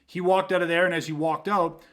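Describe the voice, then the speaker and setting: Rambling, profane man with a higher voice. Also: flat delivery, a little fast, fairly bright tone. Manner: rambling storyteller, profane, many fillers like "you know what I mean". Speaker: self-defense instructor, podcast host. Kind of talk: casual podcast chat.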